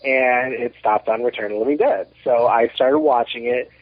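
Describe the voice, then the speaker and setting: A man in his thirties, a documentary producer, chatting as a podcast guest and telling animated, rambling stories with many restarts. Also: medium pitch, normal speed, no echo. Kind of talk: casual interview chat. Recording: muffled lo-fi podcast audio.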